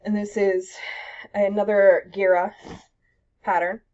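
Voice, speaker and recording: A woman's voice: mid-range voice, little pitch movement, slow, darkish tone, dull audio. A young woman chatting casually about her cross-stitch projects at home, rambling with lots of ums and self-deprecating asides. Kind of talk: casual show-and-tell chat.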